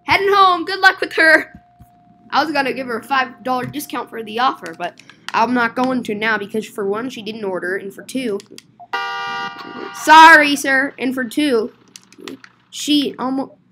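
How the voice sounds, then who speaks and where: A woman casually narrating her game role-play, rambling and excitable, with sudden bursts of shouting. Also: on the high side, normal speed, slight background noise. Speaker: game video creator.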